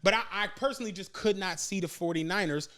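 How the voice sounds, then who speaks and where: A man chats on a podcast with a high, bright voice. He tells profane, animated stories and acts out what people said. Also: quick pace. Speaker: podcast co-host. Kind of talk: casual chat.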